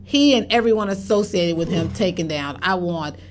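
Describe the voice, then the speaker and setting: A woman's voice: lowish voice, animated, moderate pace, slight background noise. A woman in casual chat, giving blunt, profane, opinionated rants.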